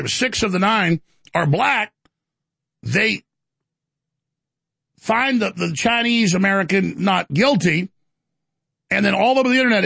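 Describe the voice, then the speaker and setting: Gravelly high-voiced ranting man. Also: a bit bright, dry recording. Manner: rambling, stammering restarts. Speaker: talk show host taking calls. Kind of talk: ranting political talk.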